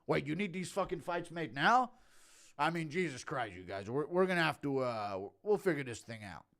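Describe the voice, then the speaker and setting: Guy doing a stoned fight boss, high voice, swears, totally scattered. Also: animated, moderate pace, creaky, fairly bright tone. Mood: frazzled. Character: frazzled middle-aged male fight promoter on mushrooms.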